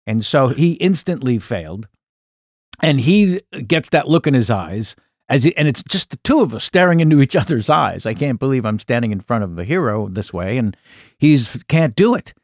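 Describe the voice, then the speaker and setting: Animated older man telling a story. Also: medium pitch, moderate pace, no echo, clean studio sound. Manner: animated, with frequent asides and self-corrections. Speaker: guest comedian. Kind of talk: anecdotal storytelling in an interview.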